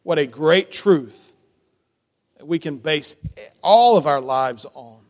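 Man, children's storytime in church: slow, lively, talks with the kids, long sanctuary reverb. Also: fairly high pitch. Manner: animated, asks the children questions. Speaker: children's message leader.

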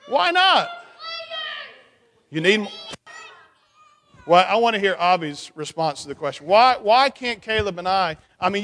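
Playful high-voiced man leading kids' church. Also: long reverb tail. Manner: playful, animated, teasing questions to kids. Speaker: children's pastor. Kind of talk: children's church talk.

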